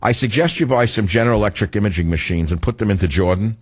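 A man's voice: fairly low pitch, fast, breathy edge, no room sound. An older man hosting a talk radio show, delivering a rambling, sarcastic monologue with frequent restarts and self-corrections.

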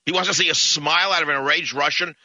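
A man hosting a radio talk show, telling a story in an indignant, animated way. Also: fairly high pitch, fast talker, dry recording, lo-fi sound.

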